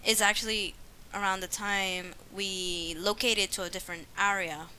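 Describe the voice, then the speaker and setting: Bright, chatty young woman. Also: medium pitch, steady tone, moderate pace, a little hiss or hum. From New Jersey. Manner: chatty, laughs often, repeats herself. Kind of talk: casual chat.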